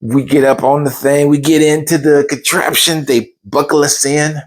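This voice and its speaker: A man's voice: a little high, moderate pace. A man telling a funny personal story, acting out the voices in it. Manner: animated, acts out the voices in his stories.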